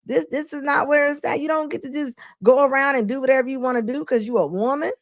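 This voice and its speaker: High-voiced woman laughing through emphatic commentary. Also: steady tone, fast talker, no echo. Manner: laughing often, emphatic and scolding. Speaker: host. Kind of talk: live commentary on a video clip.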